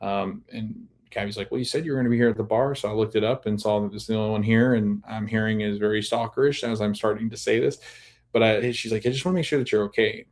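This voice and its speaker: A man's voice: on the low side, steady tone, quick pace, darkish tone. A man hosting a podcast, casually recapping a TV episode in a chatty way and laughing often as he retells scenes. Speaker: podcast host.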